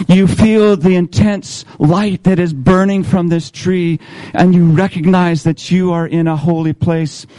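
A man's voice: on the high side, warm tone, dry recording, low-quality recording. A man, a pastor, preaching a sermon in a church service, leading listeners through a story in the second person, earnest and repeating words as he restarts.

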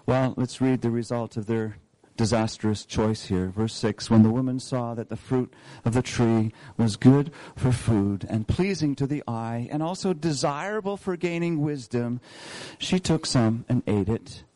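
Mellow-voiced man preaching a sermon. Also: medium pitch, a little slow, no echo. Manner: asks rhetorical questions and repeats key phrases. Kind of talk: sermon teaching through scripture.

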